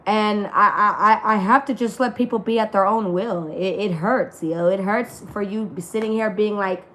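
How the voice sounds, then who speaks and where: A woman's voice: mid-range voice, moderate pace, few pauses, a bit bright. A woman reading tarot for her viewers in a casual, slangy and profane way, with a voice that is still healing. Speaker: tarot reader. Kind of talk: spiritual reading to an online audience.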